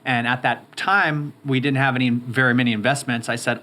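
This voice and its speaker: A man's voice: medium pitch, fairly even intonation, a little fast, bright, forceful tone. A man in his thirties, a guest in an interview, telling his story in an upbeat, eager way. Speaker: guest, roofing company owner. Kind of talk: interview conversation.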